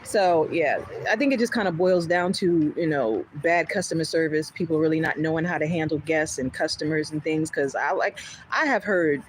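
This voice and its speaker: A woman's voice: low voice, moderate pace, slight background noise, rough recording. A woman hosting a livestream, casually telling a story. She acts out the back-and-forth dialogue and laughs often as she talks. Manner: animated, retells events with quoted back-and-forth dialogue; laughs often while talking.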